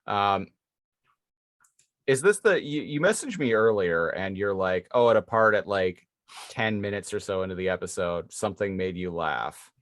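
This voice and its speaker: A man's voice: on the low side, normal speed, a bit bright, dry recording, studio quality. A man co-hosting a casual podcast, joking dryly and asking questions. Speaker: podcast co-host.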